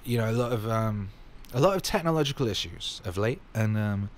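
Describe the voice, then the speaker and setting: A man's voice: lowish voice, animated, fairly quick, a little hiss or hum. A man casually answering fan questions in his vlog, rambling and upbeat with plenty of fillers.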